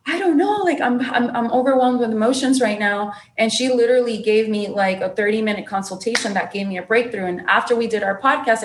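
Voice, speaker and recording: A woman's voice: mid-range voice, echoey room, a little hiss or hum. A young adult woman, a podcast guest, telling her personal story with emotion and acting out what others said. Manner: emotional, animated storyteller who acts out quotes.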